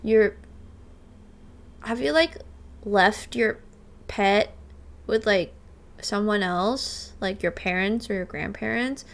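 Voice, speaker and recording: A woman in her twenties chatting casually with her stream viewers, bubbly and full of "like", thanking subscribers by name. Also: medium pitch. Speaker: livestreamer. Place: rented apartment.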